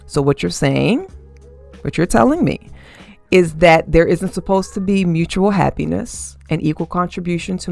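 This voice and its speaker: A woman's voice: lowish voice, gravelly. A woman hosting her own podcast, delivering a sassy, emphatic commentary monologue with frequent laughter and casual swearing. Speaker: podcast host.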